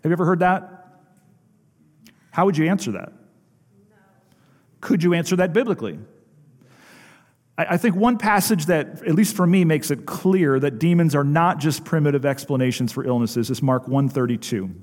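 A man's voice: fairly high pitch, normal speed, pauses often, darkish tone. A pastor preaching a sermon in an emphatic way, putting rhetorical questions to his congregation. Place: church sanctuary. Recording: long hall reverb.

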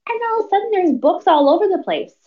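A woman co-hosting a casual book review podcast, animated, laughing often and acting out characters' lines. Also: extremely high pitch, fast talker, distant mic, highs cut off. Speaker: podcast co-host.

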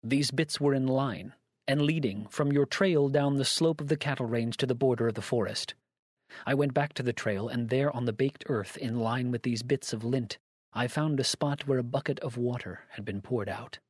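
Male reader as stern uncle, deep and level, measured, dry close sound. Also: a little mellow, no echo, lightly acted. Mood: grave. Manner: measured, grave.

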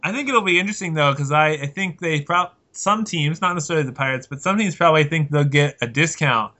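A man's voice: on the high side, fast talker, sharp tone. A man co-hosting a casual sports podcast, trading playful teasing banter. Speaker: podcast co-host. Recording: dull lo-fi sound.

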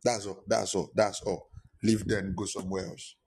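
A male pastor, preaching a sermon with impassioned repetition and sudden high-pitched emphasis. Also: level tone, moderate pace, a little mellow.

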